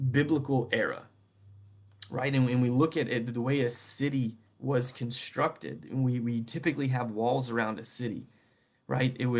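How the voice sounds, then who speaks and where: A young adult man preaching a casual sermon, talking conversationally and often checking in with "right?". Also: mid-range voice. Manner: conversational, keeps asking "right?".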